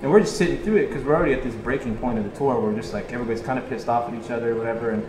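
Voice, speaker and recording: Brief: male musician guest, chatty and profane, mid-pitch, roomy echo. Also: racing. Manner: animated, swears freely, laughs mid-story. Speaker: interview guest, touring musician. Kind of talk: casual storytelling. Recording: echoey room.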